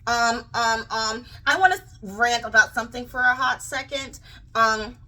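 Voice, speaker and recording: A young woman with a childlike, girlish way of talking, ranting casually to camera in a rambling, animated way full of fillers and restarts. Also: on the high side, measured pace, poor audio. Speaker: vlogger.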